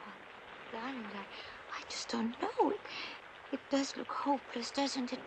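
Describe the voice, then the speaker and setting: Duchess, a gentle mother cat. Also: sits high, very animated, unhurried, noisy background, exaggerated voice. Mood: anxious. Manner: soothing, elegant, fretful.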